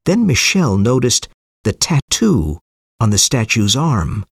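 Male audiobook narrator, husky tone, lively pitch, steady storytelling, dry close sound. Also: unhurried, no room sound.

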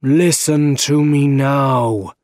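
A man doing a slow, grave scientist. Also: a little high, darkish tone, no echo, studio quality. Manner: very slow, heavy, deliberate delivery. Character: troubled middle-aged male scientist, grave and torn. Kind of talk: storybook character voice.

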